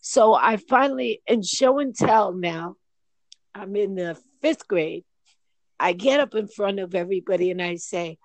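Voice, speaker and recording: Animated American woman telling stories. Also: medium pitch, unhurried, no echo. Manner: animated storyteller, lively acted quotes. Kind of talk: casual chat, storytelling.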